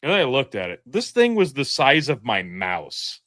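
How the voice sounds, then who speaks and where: A man's voice: medium pitch, normal speed, dry recording, studio quality. A man with a Midwestern accent, co-hosting a podcast in casual chat, telling stories with lots of energy and some swearing. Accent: Midwestern American. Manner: animated storyteller, swears freely. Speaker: podcast co-host.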